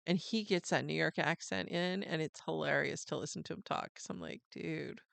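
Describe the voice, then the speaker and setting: Middle-aged american mom on a podcast, lowish gravelly voice, chatty and rambly, dry close sound. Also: female voice, moderate pace, dry recording. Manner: chatty, trails off with fillers and restarts. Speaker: podcast co-host, mother. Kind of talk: casual chat.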